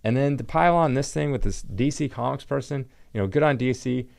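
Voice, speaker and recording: A man's voice: mid-range voice, fairly quick, gravelly, darkish tone. A man hosting his own channel, talking to camera in an indignant, rambling way and leaning on the word "like". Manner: indignant, rambling, heavy use of "like". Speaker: channel host, comic book collector. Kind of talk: casual opinion rant to camera.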